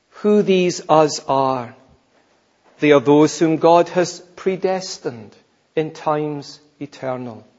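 A man delivering an expository sermon in a measured, emphatic way, his phrases falling quiet at their close. His voice sits somewhat high and he speaks very slowly. The sound is dull and lo-fi, with a long reverb trailing through a large hall. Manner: slow, emphatic preaching, dropping soft at phrase ends. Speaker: preacher.

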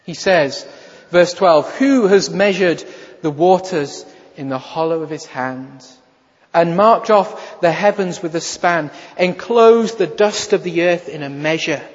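A high-pitched male preacher delivering a sermon at an unhurried pace, full of rhetorical questions, rising loud and then falling quiet. The sound is dull and lo-fi, with long reverb from a large hall. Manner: emphatic, rhetorical questions, swings from loud to hushed.

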